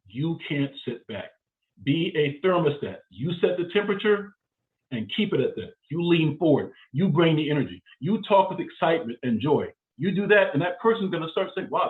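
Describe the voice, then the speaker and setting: A man delivers a live career seminar with punchy, repeated phrases and plenty of energy. His voice sits a little high for a man. The sound is narrow and phone-like, as if heard down a phone line. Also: lively intonation, normal speed. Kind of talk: motivational seminar talk.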